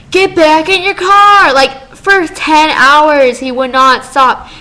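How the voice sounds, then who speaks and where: A fifteen-year-old girl telling a story in a casual vlog, chatty and animated, full of "like". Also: fairly high pitch, rough recording. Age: teens. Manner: chatty, lots of "like", animated retelling. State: tired. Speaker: vlogger.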